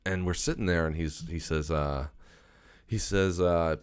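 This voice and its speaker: A man's voice: low-pitched, fairly even intonation, measured pace, clean tone, no echo, studio quality. A young man hosting a podcast, telling a rambling story in a loose, swearing way with lots of fillers and restarts. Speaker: podcast host.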